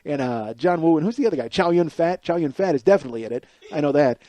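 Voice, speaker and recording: A man's voice: fairly high pitch, animated, quick pace, mellow, dry recording. A man hosting a podcast, talking in a casual, rambling, self-deprecating solo monologue into a close mic. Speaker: podcast host and stand-up comedian.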